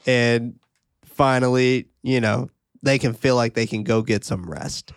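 A man hosting a podcast, recapping a horror film in a casual, profane, animated way. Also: medium pitch, unhurried, clean tone, no echo, clean studio sound. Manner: animated, profane, laughing often. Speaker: podcast host.

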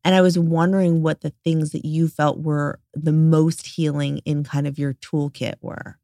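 A woman's voice: sits low, little pitch movement, moderate pace, dry recording, clean studio sound. A woman hosting a wellness interview podcast, chatty and enthusiastic, often saying "like". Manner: warm, enthusiastic, says "like" often. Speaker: podcast host. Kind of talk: casual interview chat.

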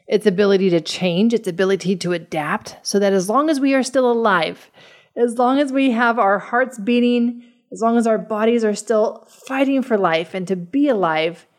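Woman podcast host explaining calmly. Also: medium pitch. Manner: calm, explanatory. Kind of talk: scripted host narration.

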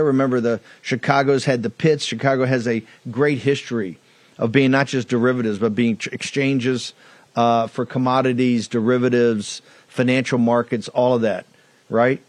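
A man hosting a political talk show, delivering a combative, mocking monologue that climbs into loud outbursts. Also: mid-range voice, no room sound.

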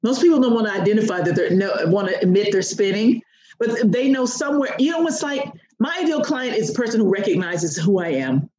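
A woman guest tells her story with lively, expressive swings, acting out every quote. Her voice sits a little high, and it rings in a roomy echo. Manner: expressive, acts out quotes with big pitch swings. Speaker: leadership coach, podcast guest. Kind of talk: animated storytelling in an interview.

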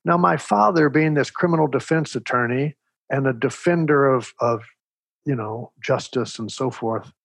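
An older man from Texas, an interview guest telling stories in a measured, reflective way, with a husky voice. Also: medium pitch, no echo. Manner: measured, reflective, animated storyteller. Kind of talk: storytelling in conversation.

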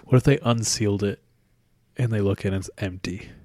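A man's voice: on the low side, brisk, dark tone, no echo, clean studio sound. A man co-hosting a podcast, asking questions and joking in casual chat. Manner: laughs often, playful questions. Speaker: podcast co-host.

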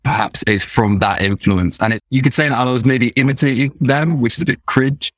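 A man's voice: medium pitch, fairly bright tone, dry recording. Dry-miked English man, Nottingham London twang. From Nottingham, England. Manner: dry, self-mocking, quick asides. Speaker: guest, video creator. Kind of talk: casual interview chat.

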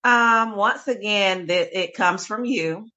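A woman gospel singer, a guest in a casual interview, talking in a calm, easygoing way. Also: mid-range voice, slow, dull audio.

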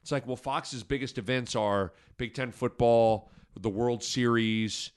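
A man's voice: medium pitch, steady tone, smooth. A man hosting a casual sports podcast over wine, rambling through his points, cutting himself off and restarting often. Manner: rambling, self-interrupting, quick to apologize and restart. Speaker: podcast host.

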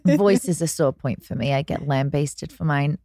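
A woman's voice: low-pitched, normal speed, warm tone, dry recording, studio quality. A woman co-hosting a podcast, talking bluntly and wryly. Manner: blunt, wry. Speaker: podcast co-host. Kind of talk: casual interview chat.

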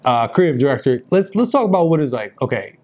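A man's voice: medium pitch, fast. Chatty, laughing male podcast host. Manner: animated, laughs often, many fillers. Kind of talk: casual podcast chat.

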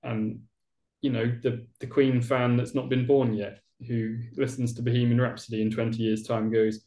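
A man's voice: mid-range voice, flat delivery, normal speed, dark tone, a little hiss or hum. Enthusiastic man in an echoey room. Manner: enthusiastic, rambling sentences. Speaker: podcast host. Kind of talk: casual conversation. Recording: roomy echo.

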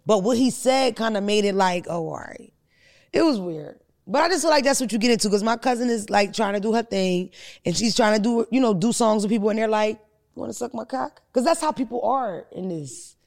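A woman's voice: medium pitch, animated, fairly quick, a little mellow. A woman comedian hosting a podcast, chatting casually with blunt, profane storytelling.

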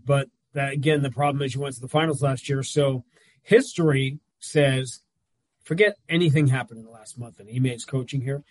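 A man talking basketball in casual chat as a regular analyst, telling stories with quick asides. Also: fairly high pitch, dry recording.

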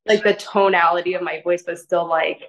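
A woman speaks as a guest on a podcast, her voice sitting a little low. Her talk is gentle and soft-spoken but rambling, packed with "like" and "you know" as she works through her thoughts. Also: fairly even intonation, a little fast, poor audio. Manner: rambling, filler-heavy with frequent "like". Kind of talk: casual interview conversation.

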